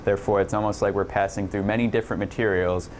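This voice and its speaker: A man with a deep, low voice narrates an online engineering lesson in a steady, explanatory way. He stumbles now and then and fills pauses with small "uh"s. A faint air-conditioning hum runs underneath. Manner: explanatory, with occasional slips and fillers. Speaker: lecturer. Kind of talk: narrated online lab lecture.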